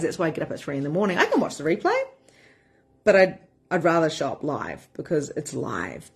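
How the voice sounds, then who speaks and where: A woman's voice: sits low, sing-song, brisk, slightly rough. A woman in her thirties, a spiritual empowerment coach, talking frankly and with energy to her members, swearing casually. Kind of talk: casual live-stream talk to members.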